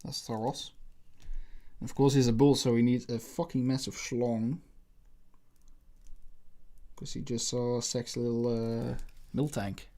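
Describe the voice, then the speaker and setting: A man's voice: mid-range voice, steady tone, unhurried, pauses often, dark tone. A man hosting a casual livestream while he draws, with rambling, crude, joking chatter into a desk microphone. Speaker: livestream host.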